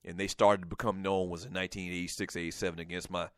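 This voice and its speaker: A man in his forties with a Geechee accent from the South Carolina Lowcountry, hosting a sports talk radio show and telling a lively story about high school football. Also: fast, clear, resonant tone, no echo, clean studio sound. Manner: storytelling, animated, laughs and raises voice at the big moments.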